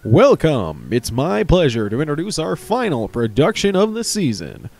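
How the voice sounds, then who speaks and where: A man's voice: on the high side, huge pitch swings, normal speed, gravelly, a little mellow, pitched above the performer's own voice, full character voice. A man voicing a showy theater announcer with a grand, announcing delivery. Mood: welcoming.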